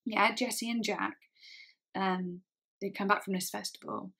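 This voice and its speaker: Halting young woman telling a story. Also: mid-range voice, steady tone, pushed and bright, husky. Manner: halting, full of "like" and restarts. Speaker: vlogger. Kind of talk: casual storytelling.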